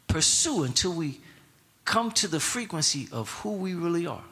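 A man's voice: a little high, sing-song, moderate pace, sharp tone, slightly rough. A man preaching a sermon in a casual, colloquial way, repeating his words and prompting the congregation to answer back. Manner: repetitive, call-and-response prompts to the congregation.

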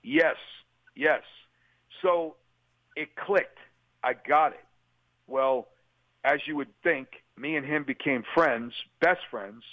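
A man's voice: on the high side, takes it slowly, pauses often, no room sound. An older man, a guest telling his personal testimony and acting out what people said. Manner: storytelling, acts out quotes. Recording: tinny phone-like line.

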